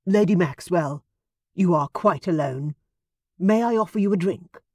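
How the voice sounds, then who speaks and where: A woman's voice: lowish voice, unhurried, mellow, slightly rough, no echo. Woman voicing a polite, apologetic young lord. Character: timid chinless young male aristocrat.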